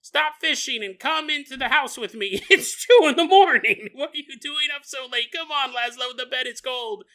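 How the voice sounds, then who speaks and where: A man's voice: extremely high pitch, lively intonation, normal speed, pushed and bright, voice pushed up, full character voice. A man voicing an exasperated, nagging ghost wife who begs her husband to come to bed. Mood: pleading. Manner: pleading, exasperated.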